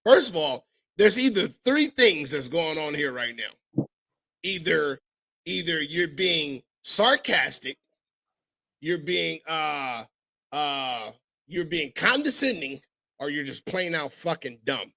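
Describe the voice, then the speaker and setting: A man hosting a casual podcast chat, telling stories as a father in an animated, profane way and mimicking other people's voices. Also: fairly high pitch, takes it slowly. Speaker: podcast host.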